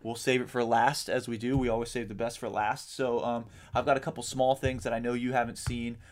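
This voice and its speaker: Guy on a podcast just chatting, rambly, says um a lot, cusses here and there, medium pitch. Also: level tone, fairly quick. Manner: rambling, swears casually, many ums. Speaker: podcast co-host. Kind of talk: casual chat.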